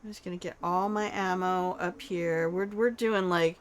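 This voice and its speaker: A woman's voice: lowish voice, measured pace, hardly any pauses. An older woman giving chatty, playful live-stream commentary while playing a game, joking at her own expense and talking to her viewers. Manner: playful, chatty, self-mocking trash talk; talks to chat and the game character.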